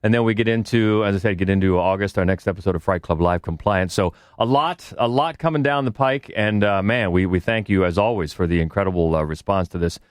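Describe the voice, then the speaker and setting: A man co-hosts a relaxed podcast chat, his voice sitting on the low side. He speaks haltingly and restarts his sentences often. The sound is close and dry. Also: clear, resonant tone, no room sound. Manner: halting, restarts a lot, breaks into loud movie quotes. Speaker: podcast co-host.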